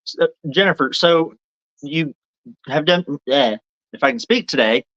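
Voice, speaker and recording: A man co-hosting a podcast, asking casual interview questions in a relaxed, slightly stumbling way. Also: fairly high pitch, measured pace, dull audio. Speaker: podcast co-host.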